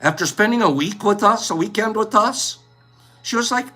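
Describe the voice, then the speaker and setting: A man chatting casually on his own stream in a high, bright voice that swings widely in pitch. He takes his time and rambles playfully, laughing easily. Soft music plays faintly behind him. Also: lively intonation, normal speed. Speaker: host. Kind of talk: casual livestream chat.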